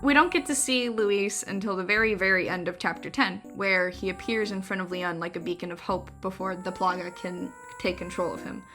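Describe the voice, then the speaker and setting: A young woman reads her own video essay script with a bright, clear voice. She keeps it wry and conversational, dropping dry jokes between points, with faint music under her. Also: mid-range voice, fairly even intonation, brisk, few pauses.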